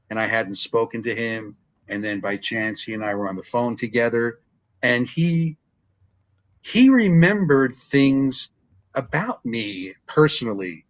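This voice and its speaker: An older man, a longtime ring announcer, telling stories in a relaxed interview and acting out what people said. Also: rough recording. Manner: animated storyteller, acts out quotes with big pitch jumps. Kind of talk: storytelling interview chat.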